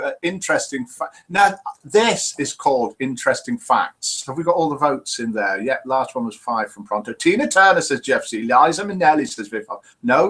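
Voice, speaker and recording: A man's voice: medium pitch, sharp tone, husky. A man hosting a casual live online chat show, reading out viewers' messages in a chatty manner. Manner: chatty, reads viewers' comments aloud. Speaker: host of an online chat show for over-50s.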